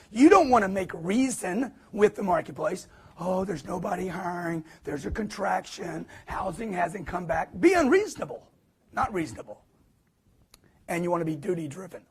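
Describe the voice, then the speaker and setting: Emphatic high-voiced male sales speaker. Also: husky. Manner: emphatic, preachy, punchy repetition; acts out quotes in put-on voices. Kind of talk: live motivational talk to an audience.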